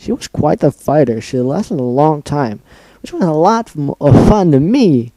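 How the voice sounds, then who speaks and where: A man's voice: a little high, very animated, moderate pace, warm tone, dry recording. A man voicing a cheerful, murderous female pink pony, bubbly and sing-song with a sweetly sinister edge. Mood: gloating.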